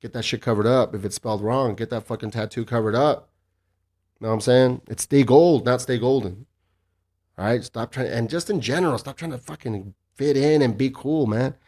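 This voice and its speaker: A man's voice: mid-range voice, brisk, a little mellow. A man in his thirties hosting a solo podcast, swearing freely and ranting in a cocky, casual way. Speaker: podcast host.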